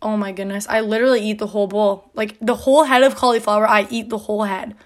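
A woman's voice: medium pitch, level tone, fast. A young woman, hosting a casual podcast, rambling and a little out of breath, full of "like" and laughter. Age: young adult. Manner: rambling, filler-heavy, with frequent "like" and laughs. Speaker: podcast host. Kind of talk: casual chat.

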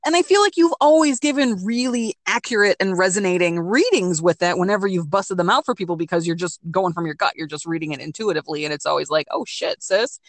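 A woman co-hosting a casual chat, supportive and quick to laugh along. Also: fairly low pitch, no echo. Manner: supportive, laughing back-and-forth. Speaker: podcast co-host.

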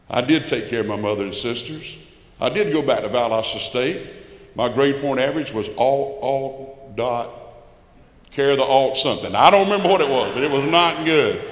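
A man in his sixties with a Georgia Southern accent, telling a personal testimony in church in a folksy storytelling way that swings between loud and hushed. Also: mid-range voice, lively intonation, normal speed. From South Georgia, USA. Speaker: guest speaker giving a testimony. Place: church sanctuary. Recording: roomy, echoing church hall.

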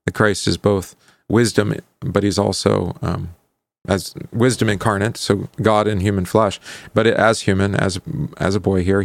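A man leading a Bible study lesson, conversational, often asking "right?" and pausing with fillers as he recalls verses. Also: low-pitched, creaky, dry recording. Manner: conversational, asks questions and adds "right?"; halting, with many fillers while recalling verses. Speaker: pastor teaching a Bible class.

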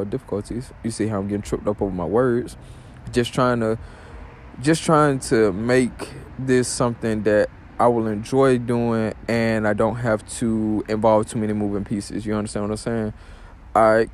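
A man's voice: on the low side, darkish tone, slight background noise. Rambling slangy man hosting a podcast. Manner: loose, rambling, slangy, filler-heavy. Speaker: podcast host. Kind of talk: casual monologue.

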